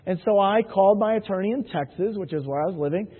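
High-voiced husky man telling stories on stage. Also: fast. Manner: jokey storyteller, keeps asking the crowd "right?". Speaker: sales presenter. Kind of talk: anecdotal sales talk to a live audience. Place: hall with an audience. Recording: tinny, phone-like, with long hall reverb.

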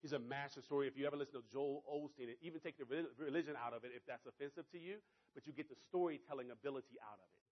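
A man's voice: racing, muffled recording. A middle-aged man giving a motivational talk to a live audience, telling stories and acting out both sides of the dialogue. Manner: animated, pitch rising sharply when excited. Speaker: motivational speaker.

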